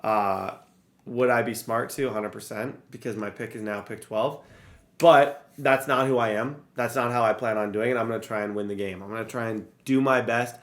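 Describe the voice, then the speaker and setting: A man's voice: lowish voice, fairly even intonation, moderate pace, a bit bright. A young man giving casual gameplay commentary, rambling and frustrated as he talks straight to his viewers. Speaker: gaming YouTuber.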